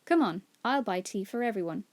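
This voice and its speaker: A woman voicing a calm, polite eldest boy, in her own reading voice. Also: mid-range voice, a little fast, dry recording, lightly acted.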